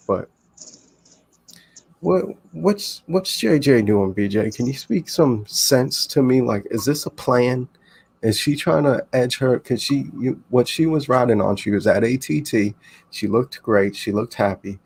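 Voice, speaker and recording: A man co-hosting a casual podcast about fights, talking in an animated way with quick asides and some swearing. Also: medium pitch, gravelly, slightly rough. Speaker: co-host.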